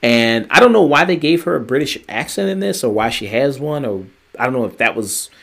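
A man talks in loose, rambling podcast chat, piling up fillers and restarts. He gets animated and swears freely as he riffs on what he has been watching. His voice sits at an ordinary middle pitch. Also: brisk, creaky. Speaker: podcast co-host. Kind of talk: casual review chat.

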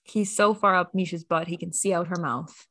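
A woman's voice: fairly low pitch, fairly even intonation, normal speed, a bit bright, dry recording. A woman hosting a podcast, chatting casually and upbeat with lots of fillers. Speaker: podcast host. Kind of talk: casual recap chat.

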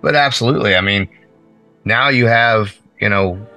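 A man's voice: lowish voice, moderate pace, bright, forceful tone, soft background music. A man hosting a casual podcast chat in a small bedroom studio, talking emphatically and thinking aloud. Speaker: podcast host.

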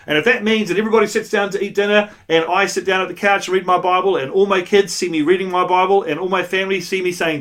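A man's voice: high-pitched, steady tone, fast talker, hardly any pauses, fairly bright tone. A male pastor giving a sermon in a conversational, earnest way, telling a personal story with frequent asides. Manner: conversational, earnest, self-deprecating storytelling with frequent "you know".

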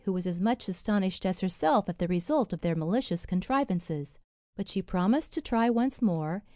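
A woman narrating a fairy tale audiobook in a measured, expressive way. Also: mid-range voice, dry recording, studio quality.

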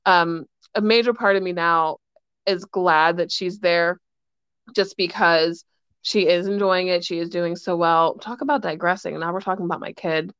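A woman in her thirties, a mother and podcast co-host, talking casually and chattily with many fillers and quick asides. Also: on the low side, fairly bright tone, smooth, dry recording. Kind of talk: casual chat. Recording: dry, dull lo-fi sound.

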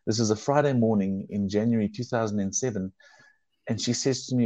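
Earnest man, low and dark. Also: a little fast, dry recording. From South Africa. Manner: earnest, emotional storytelling with restarts. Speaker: guest telling his testimony. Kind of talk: personal testimony in conversation.

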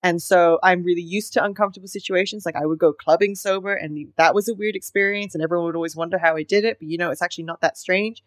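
A woman's voice: lowish voice, fairly even intonation, fast, few pauses, no room sound. Woman chatting on a podcast, dry sound. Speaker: podcast co-host. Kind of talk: casual chat.

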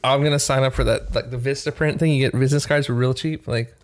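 A man's voice: mid-range voice, fairly even intonation, fast. A young man co-hosting a casual podcast who jokes and teases the others. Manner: jokey, teasing. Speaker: podcast co-host.

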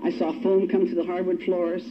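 A woman's voice: lowish voice, little pitch movement, a little fast. Wry older woman telling her story. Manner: wry, self-mocking storyteller. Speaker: recovery meeting speaker. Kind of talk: personal testimony talk. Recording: dull lo-fi recording with faint hiss.

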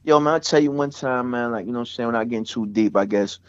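A man's voice: medium pitch, fast talker, no room sound. A man, a rapper guest telling a story in a loose, rambling way, full of fillers. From Staten Island, New York. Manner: rambling, heavy with fillers like "you know what I'm saying". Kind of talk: casual emotional storytelling. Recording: dull, dry podcast audio.

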